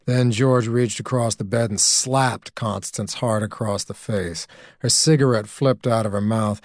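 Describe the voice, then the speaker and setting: A man reading a short story aloud in an audiobook, slow and measured. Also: on the low side, dry recording, clean studio sound. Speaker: narrator.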